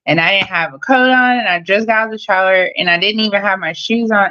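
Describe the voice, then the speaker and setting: A woman caller in a heated casual debate, sassy and blunt, with profanity sprinkled through her talk. Her voice sits at an ordinary pitch for a woman, and the sound is dull and lo-fi, as if coming through a muffled connection. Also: fast. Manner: sassy, blunt, swears freely. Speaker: caller on a live stream. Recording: dull lo-fi audio.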